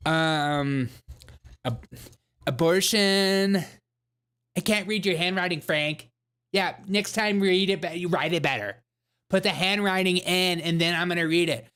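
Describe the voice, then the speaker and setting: A man hosting a show pokes fun at political clips, laughing sarcastically and jumping between different voices. His voice sits high, with a sharp yet smooth tone, at a normal speed.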